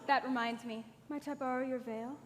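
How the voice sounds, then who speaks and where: A woman's voice: high-pitched, steady tone, moderate pace, lightly acted. A young woman playing a tipsy, worldly older chaperone who speaks in a languid, dry drawl. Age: teens. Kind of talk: stage musical acting. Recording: reverberant auditorium stage.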